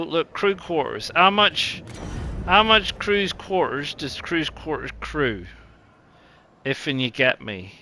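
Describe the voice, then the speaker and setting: A man's voice: medium pitch, sharp tone, slight background noise. A man with a New Zealand accent casually commentating a strategy game, thinking aloud with lots of ums. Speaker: gaming channel host.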